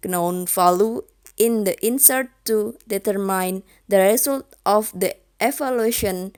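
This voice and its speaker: A young woman, a student, slowly reading out a lesson on formulas term by term, with long pauses between the terms. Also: medium pitch, darkish tone, clear, resonant tone. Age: young adult. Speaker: student presenter. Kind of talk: slow read-aloud lesson.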